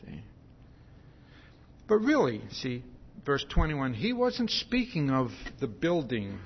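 A man preaching a sermon, slow and emphatic, tagging his points with "see?". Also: mid-range voice, sing-song, highs cut off, a little hiss or hum.

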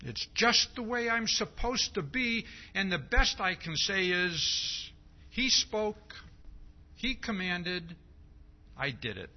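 A man preaching a sermon, reading scripture aloud and asking "see?" again and again in a slow, emphatic way. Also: sits high, animated. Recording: dull lo-fi recording.

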